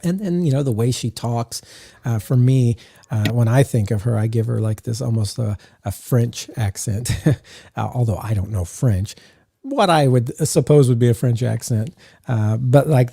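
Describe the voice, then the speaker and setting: A man co-hosting a podcast about game mastering, talking in a relaxed, musing way with lots of "uh" fillers, close to the mic. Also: medium pitch, normal speed, gravelly, breathy edge, no room sound. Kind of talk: casual podcast chat.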